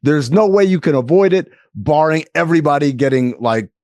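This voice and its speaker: A man hosting a sports podcast, talking in animated, teasing banter. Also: fairly high pitch, brisk, dry recording, clean studio sound. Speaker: podcast host. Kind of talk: casual sports talk.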